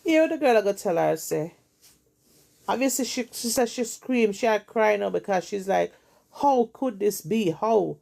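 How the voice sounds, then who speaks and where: A woman's voice: mid-range voice, animated, normal speed, vocal fry, darkish tone. A woman with a Jamaican accent, retelling a story in emphatic, repetitive, dramatic casual chat as host.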